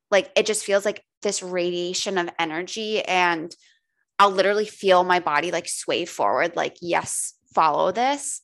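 Woman, coach, low-pitched voice, candid, casual podcast talk, frequent swearing. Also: fairly bright tone. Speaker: holistic coach guest.

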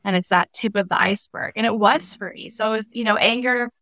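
A young adult woman, a spiritual life coach, speaks as a podcast guest in an earnest, heartfelt way. Her voice sits a little high. The recording is dry and close. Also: fairly even intonation, a little fast, fairly bright tone, no echo. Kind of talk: casual conversational interview.

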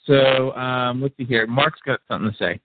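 A man's voice: mid-range voice, fairly even intonation, moderate pace, dry recording. A man hosting a call-in discussion, rambling and repeating words as he thinks. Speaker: call-in show host. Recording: tinny phone-like line.

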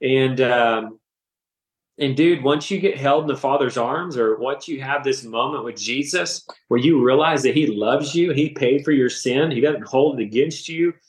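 A man in his thirties shares his personal faith testimony as a podcast guest, with a medium-pitched voice. He tells it in an animated, emotional way, full of casual slang. The recording has a roomy echo. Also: moderate pace. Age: 30s.

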